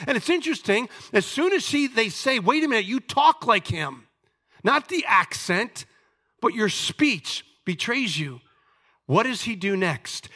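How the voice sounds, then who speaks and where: A man delivering a sermon as pastor, earnest, rising to emphasis and dropping to soft asides. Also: high-pitched.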